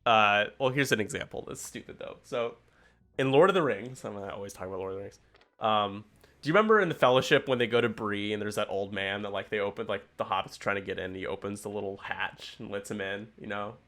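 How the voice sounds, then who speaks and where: A man hosting a casual game stream, rambling and telling stories with quick impressions. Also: on the low side, fairly bright tone. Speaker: stream commentator and host.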